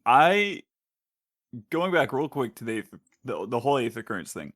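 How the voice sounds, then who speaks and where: A man's voice: medium pitch, big pitch swings, normal speed, fairly bright tone, no room sound, clean studio sound. A man co-hosting a podcast, complaining bluntly and emphatically in casual chat. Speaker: podcast co-host.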